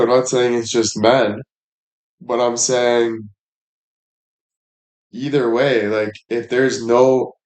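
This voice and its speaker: A man's voice: mid-range voice, echoey room. A young man livestreaming, chatting casually in a rambling, profane, laid-back way.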